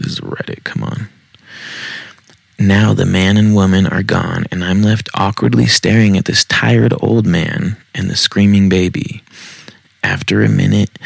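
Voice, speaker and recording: A man reading Reddit stories aloud in a deep, heavily gravelly voice with a husky edge. He talks casually, dropping wry, swearing asides between passages. The recording is dry and close, made at home in a basement. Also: no echo.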